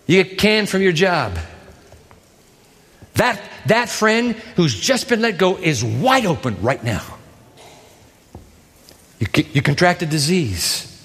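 A male pastor preaches with animated, theatrical storytelling, his fairly high voice leaping widely in pitch. A long hall reverb hangs on his words. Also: takes it slowly, pauses often, husky. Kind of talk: sermon.

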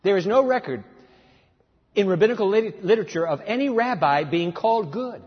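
A man's voice: sits high, lively intonation, fairly quick, husky. A man preaching a dramatic storytelling sermon that acts out the dialogue, in an echoey hall on a dull lo-fi recording.

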